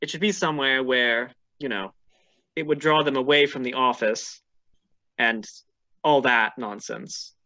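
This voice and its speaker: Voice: medium pitch, a little slow, pushed and bright, no room sound. A tabletop game player musing through a plan, hesitant at times. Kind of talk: tabletop role-play. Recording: slightly lo-fi mic.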